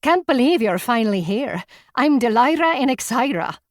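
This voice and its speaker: A woman voicing a tiny, playful young woman with a soft Irish accent, chirpy and high. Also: wildly swooping pitch, moderate pace, no room sound, studio quality. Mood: excited, teasing. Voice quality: soft, bright and bouncy.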